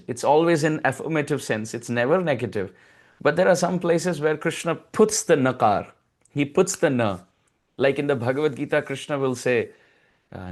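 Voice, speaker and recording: Man giving a devotional lecture. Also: a little high. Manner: recites Sanskrit verses and acts out a pleading child with raised voice. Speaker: spiritual teacher.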